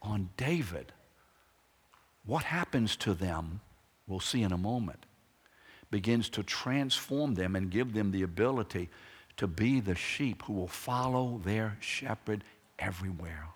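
A man preaching a sermon, swinging between loud, emphatic declarations and hushed, quiet lines. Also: lowish voice, expressive, a little slow, breathy edge. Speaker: pastor. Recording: long hall reverb.

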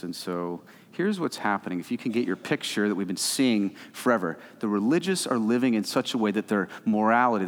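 Male pastor preaching in a hall. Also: lowish voice. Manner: animated, emphatic preaching that swings loud and soft. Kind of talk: sermon. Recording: reverberant hall.

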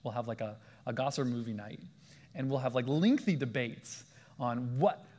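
A man preaching a sermon in a lively storytelling way, acting out the voices of the people in his stories. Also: medium pitch, normal speed. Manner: animated, acts out quoted voices. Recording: long hall reverb.

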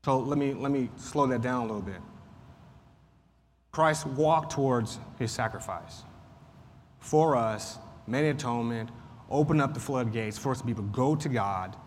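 A man's voice: medium pitch, fairly quick, a little mellow. A man teaching a Sunday school Bible class in a conversational way, repeating points and using frequent fillers. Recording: faint noise, long room reverb.

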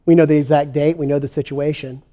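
Guy preaching, pretty high voice, animated storytelling, acts out the kings and prophets. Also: fast. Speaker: pastor. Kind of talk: sermon.

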